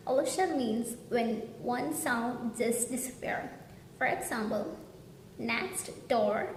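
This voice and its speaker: Woman tutor, earnest pronunciation lesson, reverberant room with a faint hum. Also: fairly high pitch. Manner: earnest, slow demonstrating of example words. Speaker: English pronunciation teacher.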